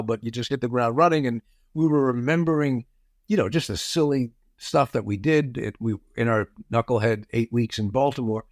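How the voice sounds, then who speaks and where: A man's voice: mid-range voice, dry recording. A man in his sixties telling anecdotes in an interview, acting out the quoted voices with a chuckle. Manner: storyteller who acts out quoted voices, chuckling. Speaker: guest.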